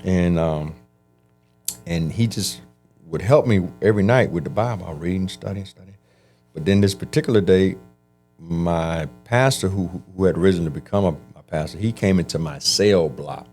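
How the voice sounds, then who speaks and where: A man telling his life story in an interview, animated and acting out the voices of people he quotes. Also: sits low. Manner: animated, acts out quoted voices, frequent restarts. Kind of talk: conversational storytelling.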